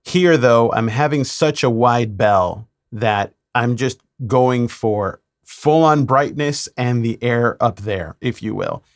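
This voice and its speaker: A man, a mix engineer, talking through a mixing tutorial in a relaxed way with playful asides. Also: medium pitch, slow, few pauses.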